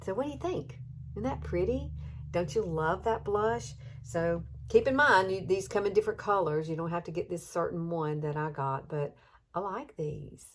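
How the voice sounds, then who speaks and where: A woman's voice: fairly low pitch, normal speed, a little hiss or hum. A woman in her fifties with an Alabama accent, chatting through a makeup routine in a beauty vlog, talking emotionally and sometimes close to tears. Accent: Southern US (Alabama). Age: 50s. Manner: chatty, warm-hearted, emotional. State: tearful at times. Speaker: beauty vlogger. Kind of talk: chatty get-ready-with-me vlog.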